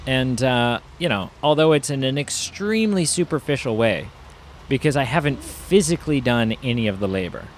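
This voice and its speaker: A man's voice: medium pitch, animated, normal speed, a little hiss or hum. Rambling man doing game commentary. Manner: rambling, musing asides with many fillers. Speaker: gaming YouTuber. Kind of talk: casual gameplay commentary.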